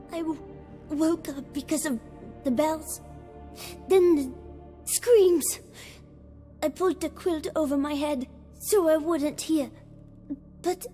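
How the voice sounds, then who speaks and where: A woman's voice: sits high, warm tone, big-room sound. A woman voicing a terrified young boy who stammers and halts through his words. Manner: stuttering, halting, shaky.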